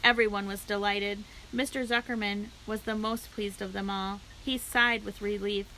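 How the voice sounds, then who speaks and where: A woman library storyteller reading a children's book aloud with steady, clear narration. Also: mid-range voice, normal speed, a little hiss or hum, low-quality recording.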